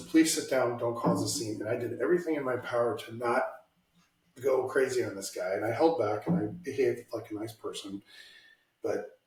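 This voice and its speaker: A man's voice: medium pitch, darkish tone, recorded from a distance. Blunt ranting man, echoey room. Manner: blunt, ranting, swears freely. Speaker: podcast host. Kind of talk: casual political chat. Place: home room, lives in Washington state. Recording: roomy echo, somewhat off-mic.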